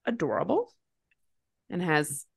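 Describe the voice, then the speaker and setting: A woman's voice: lowish voice, wildly swooping pitch, unhurried, gravelly, husky, no echo, clean studio sound. A woman in her thirties co-hosting a podcast, chatting casually and sarcastically about a movie, slipping into voices for quotes. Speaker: podcast co-host. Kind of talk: casual movie-review chat.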